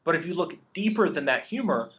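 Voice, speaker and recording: A very animated man with a slightly high, fairly bright voice talks briskly, and the audio has its highs cut off. On his film podcast he eagerly rambles about a beloved movie, stumbling through plenty of ums and restarts.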